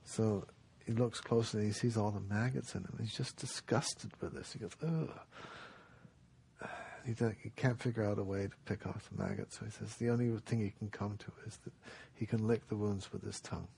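A man giving a dharma talk, telling a traditional story in a relaxed, unhurried way with many pauses. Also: fairly low pitch. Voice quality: gravelly and very husky. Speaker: dharma teacher.

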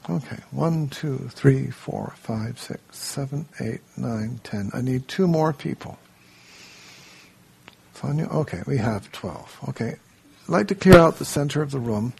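A man leading a workshop, telling a story in an unhurried way, then giving a group plain instructions in a room. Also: medium pitch, animated, vocal fry, slightly rough. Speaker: workshop leader.

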